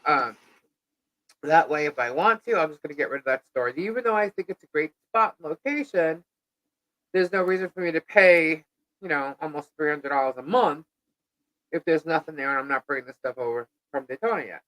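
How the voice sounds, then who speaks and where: Chatty, animated woman telling a story. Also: low-pitched, brisk, no room sound, poor audio. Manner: animated, chatty, acts out quoted dialogue. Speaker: podcast co-host. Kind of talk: live casual chat, storytelling.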